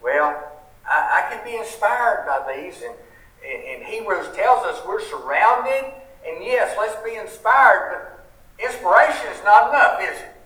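A man's voice: high-pitched, expressive, measured pace, bright, forceful tone. A man with a Southern US accent preaching a sermon, earnest and folksy, asking the congregation rhetorical questions. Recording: roomy sound from a distant mic.

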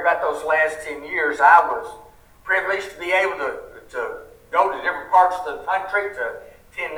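A preacher with a Southern US accent and a high-leaning, sharp voice delivers an earnest, folksy sermon. He poses rhetorical questions to the congregation, and the distant mic gives a roomy sound.

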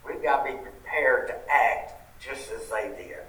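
This Southern US preacher has a mid-range voice that's bright and forceful, moving at a moderate pace. He's earnest and folksy, asking the congregation rhetorical questions, heard through a distant mic in a roomy space.

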